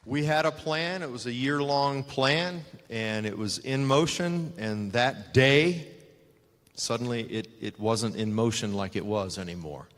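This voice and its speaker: A former wrestler answering interview questions in a measured way, with hesitations. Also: male voice, medium pitch, a bit bright, long reverb tail.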